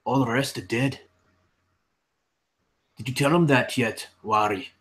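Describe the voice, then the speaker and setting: A man's voice: medium pitch, unhurried, close to an everyday voice. A man voicing a cheerful younger male dwarf who talks in a hearty, teasing way. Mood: blunt.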